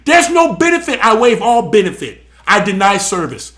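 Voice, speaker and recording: A man's voice: high-pitched, huge pitch swings, normal speed, a bit bright. A man hosting a live show, preaching emphatically and animatedly on scripture, often repeating words. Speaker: show host and church elder.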